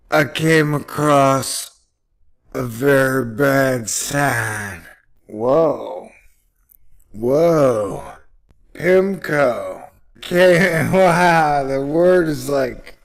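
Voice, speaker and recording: Man, solo web commentator, very slow jokey delivery, gravelly edge, bursts of excitement. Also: mid-range voice. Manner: playful, jokey, drawn-out delivery with sudden excited outbursts. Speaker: vlogger commenting on economics.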